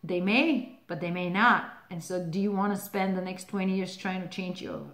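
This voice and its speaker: A woman's voice: on the low side, steady tone, normal speed, a bit bright. A woman hosting a relationship advice channel, talking casually to the camera, laughing often and using lots of "like" fillers. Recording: roomy echo.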